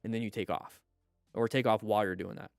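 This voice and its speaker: A man hosting commentary on riding videos, coaching like an instructor. He asks questions and answers them himself, and breaks into excited exclamations at near misses. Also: fairly low pitch, fast, creaky, no room sound, faint music behind. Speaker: motorcycle riding instructor and host.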